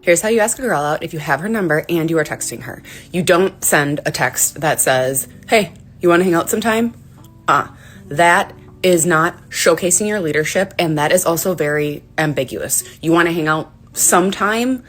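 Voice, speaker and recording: A woman with a husky, slightly low voice calmly instructs viewers on how to ask someone out. Faint music sits underneath. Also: normal speed. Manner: instructive, clear-cut. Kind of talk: dating advice to camera.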